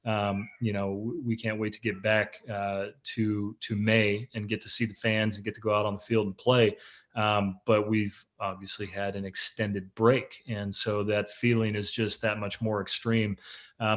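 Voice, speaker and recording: A man's voice: lowish voice, a bit bright. A man in his thirties, a professional quarterback, chatting casually in an interview and teasing the host with playful jokes. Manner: joking, teasing, playful storyteller.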